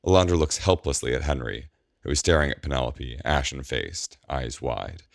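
A man narrating a story in a measured, even audiobook style. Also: rumbling low, creaky, no room sound, studio quality.

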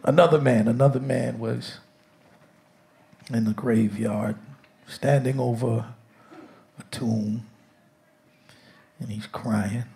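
A man's voice: medium pitch, steady tone, slow pace, gravelly, pauses often, warm tone, slight background noise. A man preaching a humorous sermon as pastor, telling jokes and calling on his congregation to answer back. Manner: call-and-response with congregation, jokey. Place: church sanctuary with congregation.

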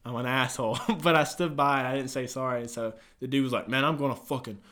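A man's voice: mid-range voice, steady tone, brisk, fairly bright tone. A young man who works a gym front desk, telling work stories in a casual, profane chat and acting out callers.

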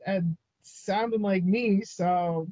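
A woman's voice: mid-range voice, takes it slowly, warm tone, no room sound, dull audio. A Canadian woman co-hosting a podcast in casual chat, laughing often and hesitating with lots of fillers. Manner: giggly, hesitant, many fillers. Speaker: podcast co-host.

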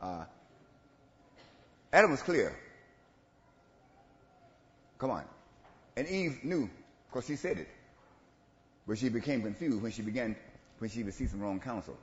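A man preaching an animated sermon, swinging between hushed asides and loud calls to the congregation. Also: a little slow, long pauses. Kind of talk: call-and-response sermon. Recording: roomy, dull low-fi church recording with faint ambience.

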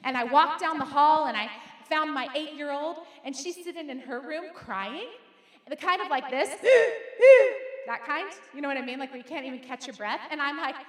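High-voiced woman pastor preaching in a hall. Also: brisk. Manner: lively preacher, calls the congregation to repeat lines. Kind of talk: sermon. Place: church sanctuary. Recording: echoey hall.

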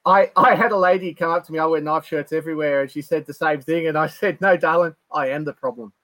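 A man's voice: on the high side, steady tone, fast talker, a bit bright, rough recording. A man co-hosting a casual knife-making livestream, reading out viewer comments in a blunt, sweary, laid-back way. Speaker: co-host of a knife-making show.

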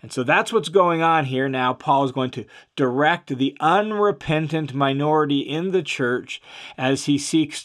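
A man giving an explanatory Bible lesson in a conversational, steady way, with frequent fillers and restarts and stress on key words. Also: on the high side. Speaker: Bible teacher.

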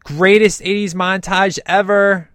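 A man's voice: high voice, level tone, measured pace, a bit bright, no room sound, studio quality. A man talking through a film in casual commentary, enthusiastic and emphatic with lots of slang.

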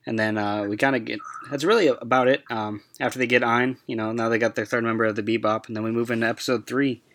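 A man's voice: mid-range voice, steady tone, fast talker, a bit bright, slight background noise. A man hosting a casual podcast, agreeable, steering the talk from one topic to the next. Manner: agreeable, steers the episode rundown. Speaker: podcast host. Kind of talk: casual chat.

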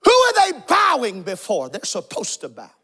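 A man preaching an impassioned sermon, swinging between sing-song shouting and hushed asides. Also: extremely high pitch, wildly swooping pitch, normal speed, slightly rough. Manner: shouting, sing-song preaching cadence with sudden drops to near whispers.

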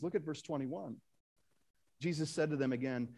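A pastor preaches a Sunday sermon, reading scripture aloud, rising for emphasis, and posing rhetorical questions to the congregation. His voice is fairly high and a little mellow, at a moderate pace with long pauses.

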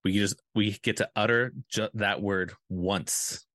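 This is a man co-hosting a relaxed podcast chat. His voice sits low, and the sound is dry and close. He is playful, rambles through his asides and laughs readily. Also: unhurried, no room sound. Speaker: podcast co-host. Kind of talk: casual chat.

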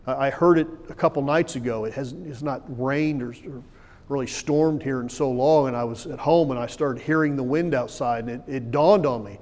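In a church sanctuary with long hall reverb, a pastor delivers a sermon in a medium-pitched voice at normal speed. His preaching is emphatic, swinging widely from loud to hushed.

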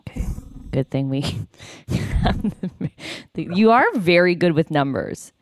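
A woman's voice: fairly low pitch, lively intonation, slow, no echo, clean studio sound. A woman hosting a casual chat, blunt and teasing, who swears casually.

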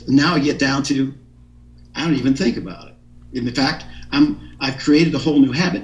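A man's voice: a little high, echoey room, distant mic, low-quality recording. A man being interviewed, explaining his ideas in an earnest, teaching tone with frequent restarts. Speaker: interview guest. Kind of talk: explanatory radio interview talk.

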